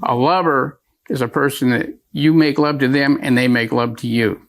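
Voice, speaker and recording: A man's voice: medium pitch, fairly even intonation, moderate pace. A man testifying as the plaintiff in a TV courtroom, rambling and repeating phrases as he tells his story. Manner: rambling, repeats himself, stumbles over words.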